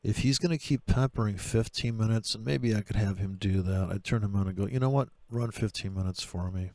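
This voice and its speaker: A man talking through trading charts in a profane, sarcastic rant, with a gravelly voice. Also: on the low side, a little fast, a little mellow, no echo. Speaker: trader. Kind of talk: screen-share trading commentary.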